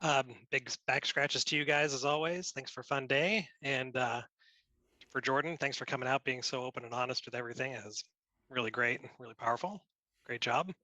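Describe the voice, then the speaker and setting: A man's voice: medium pitch, a little fast, bright, forceful tone, no echo. A man co-hosting a casual podcast chat, friendly and plainspoken. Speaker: podcast co-host.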